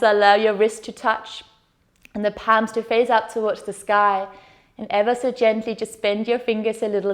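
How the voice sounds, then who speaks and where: A woman yoga teacher leading a guided meditation with slow, soothing, gentle instructions. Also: fairly high pitch.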